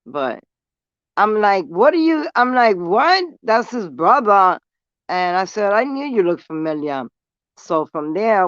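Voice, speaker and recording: Her voice low, a New York City vlogger smokes while telling a story in blunt, profane street language. There's no room sound, and the highs are cut off.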